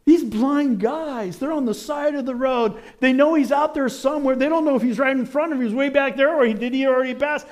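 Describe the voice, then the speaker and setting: A man preaching a sermon in an animated way, rising to shouts as he acts out the stories he tells. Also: very high-pitched, a little fast, hardly any pauses. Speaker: pastor.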